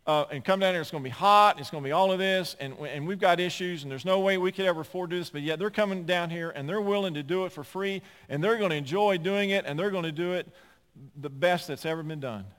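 An older male pastor preaches with a fairly high voice, building to loud emphatic points and then dropping to low, confiding asides. His voice rings with long reverb, as if he is recorded in a large sanctuary. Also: fast talker, clean tone. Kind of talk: sermon.

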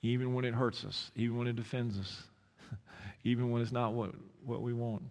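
A man's voice: medium pitch, moderate pace. Preaching man in a reverberant church. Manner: storytelling, rising to animated emphasis. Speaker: pastor. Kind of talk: sermon with closing prayer. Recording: long hall reverb.

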